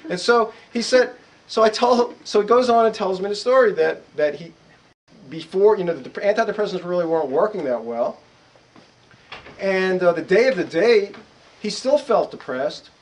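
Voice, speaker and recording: A middle-aged man with an American accent tells anecdotes to a bookstore audience, his voice pitched fairly high for a man. He acts out the people in his stories with lively quoted voices. He talks like a psychologist and author sharing his own experiences. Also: moderate pace, poor audio. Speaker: author and psychologist giving a talk. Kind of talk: storytelling to a live audience. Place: bookstore event room.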